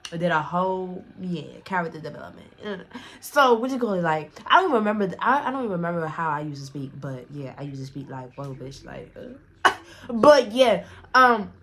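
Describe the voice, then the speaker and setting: A young woman does a casual storytime vlog, rambling in slang, restarting a lot, and acting out quotes. Her voice sits lowish and sounds a bit bright.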